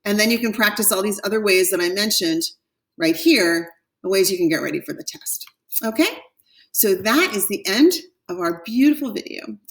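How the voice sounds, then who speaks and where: Woman teaching french on a class video, slows way down on example words, echoey room, mic sits kinda far. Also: mid-range voice, expressive. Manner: slow, careful model pronunciations. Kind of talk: recorded class lesson.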